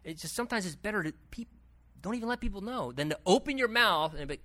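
Male pastor, Bible teaching, lively swooping delivery, slightly high voice, chatty asides. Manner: conversational and animated, with asides and quick self-corrections.

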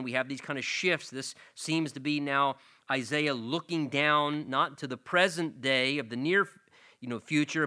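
A man's voice: mid-range voice, bright, forceful tone. A man preaching an expository sermon, explaining scripture verse by verse and often repeating words as he goes. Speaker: pastor.

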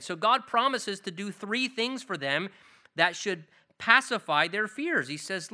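A man's voice: sits high, lively intonation, unhurried, sharp tone. A man preaching an expository Bible sermon, earnest and repeating key phrases for emphasis. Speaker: pastor.

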